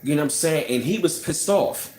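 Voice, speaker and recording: A man's voice: a little high, expressive, brisk, a little mellow. Heated man ranting in an echoey room. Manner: heated, scornful, peppered with "you know what I'm saying". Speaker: channel host. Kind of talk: casual ranting storytelling. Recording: roomy echo.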